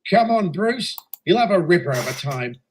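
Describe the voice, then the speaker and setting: A man's voice: sits high, sing-song, normal speed, slight background noise. A man voicing a boisterous male train engine with a put-on Australian accent, chairing a meeting in a slangy, chanting way. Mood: rowdy.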